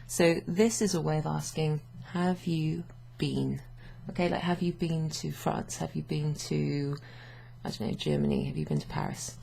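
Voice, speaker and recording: A woman's voice: low-pitched, normal speed, vocal fry, warm tone, a little hiss or hum. A young woman teaching French in a casual, chatty way, mixing English with French and laughing often, recorded at her home desk. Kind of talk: casual language lesson. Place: home office with a standing desk.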